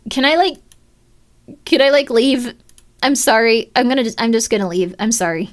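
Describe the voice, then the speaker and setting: Animated, rambling young woman streamer. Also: fairly high pitch, moderate pace. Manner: animated, self-deprecating, rambling with many fillers. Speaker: game streamer. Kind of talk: live let's-play commentary.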